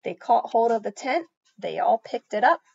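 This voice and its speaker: A woman's voice: a little high, animated, moderate pace, creaky, slightly rough, muffled recording. A woman reading a children's picture book aloud and adding her own comments on the story. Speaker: storybook reader.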